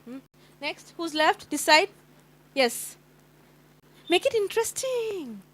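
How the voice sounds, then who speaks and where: A woman with an Indian accent running a phonics workshop for teachers, sounding out letters slowly and repeatedly as she quizzes the group. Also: extremely high pitch, very animated, a bit bright. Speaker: teacher trainer.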